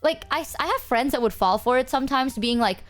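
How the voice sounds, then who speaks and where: A woman streamer chatting casually with her chat, telling stories in an animated, foul-mouthed way full of fillers. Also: sits high, fast, faint music behind. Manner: animated, swears freely, filler-heavy.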